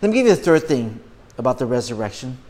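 A middle-aged man preaching a sermon to a congregation, earnest, often repeating and restarting words, rising now and then to loud, emphatic bursts. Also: mid-range voice, big pitch swings, fast talker, in a large hall. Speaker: pastor.

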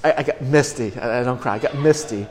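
A middle-aged man preaching a sermon to a congregation, earnest, often repeating and restarting words, rising now and then to loud, emphatic bursts. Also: mid-range voice, fast talker, big-room sound. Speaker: pastor.

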